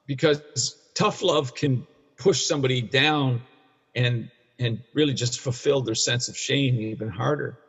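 Speaking at a measured pace in a mid-range, slightly rough, somewhat bright voice, a Canadian man in his sixties shares a hard personal story as a guest. He's an addiction counselor for men, and his candid account rambles and restarts, blunt with occasional profanity. It's recorded in a dull, echoey room.

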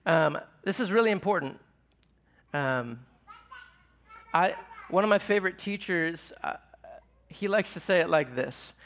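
A man's voice: high-pitched, animated, measured pace, pauses often, fairly bright tone. Conversational man preaching a sermon. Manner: conversational, asks the audience questions. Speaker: pastor.

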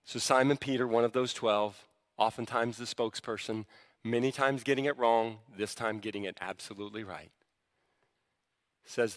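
The long reverb of a large hall surrounds this man's sermon. He's a pastor whose conversational teaching rises to fervent emphasis, speaking at normal speed in a medium pitch with fairly even intonation.

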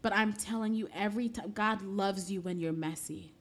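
A woman's voice: mid-range voice, moderate pace. Earnest woman giving a faith talk. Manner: earnest, conversational preaching. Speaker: Christian speaker.

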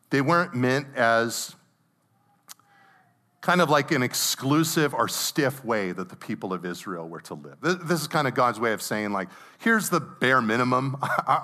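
A man's voice: medium pitch, bright, forceful tone. A middle-aged man, a pastor, preaching a sermon in a conversational way, reading scripture and telling stories.

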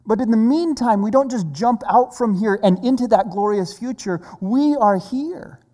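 A preacher giving a sermon in a measured, earnest way. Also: mid-range voice, mellow. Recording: long reverb of a large hall.

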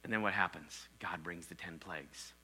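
Male preacher, emphatic sermon delivery, bright piercing tone, loud-to-hushed swings. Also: deep voice, normal speed, slightly rough. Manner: emphatic, swings from loud exclamations to near whispers; asks the congregation to respond.

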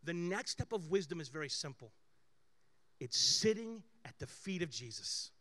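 A male pastor giving a conversational sermon, telling personal stories with animated swings between loud bursts and hushed asides. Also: a little high, normal speed.

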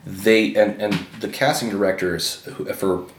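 Guy rambling on a podcast, lots of restarts, fairly low voice, roomy sound. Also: fairly even intonation, a little slow, slight background noise. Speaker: podcast co-host. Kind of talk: casual chat. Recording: roomy echo.

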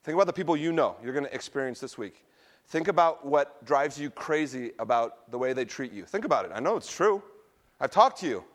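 A middle-aged male pastor delivers a sermon in an easy, conversational voice of medium pitch. He tells personal stories, trips over his words now and then, and laughs at himself. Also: expressive, a little fast.

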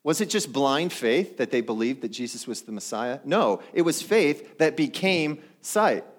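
A man's voice: medium pitch, animated, measured pace. A middle-aged male pastor preaching a sermon in a conversational way, often putting questions to the congregation.

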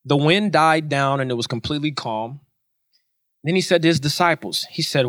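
A man's voice: on the high side, moderate pace, fairly bright tone, no room sound, studio quality. A man preaching a sermon in an earnest way, repeating his points for emphasis.

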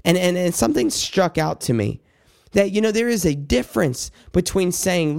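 Earnest man with a gravelly voice. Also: high-pitched, expressive, a little mellow. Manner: earnest, halting, with many restarts and asides to God. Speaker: devotional speaker. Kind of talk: personal Bible devotional. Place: indoors at night.

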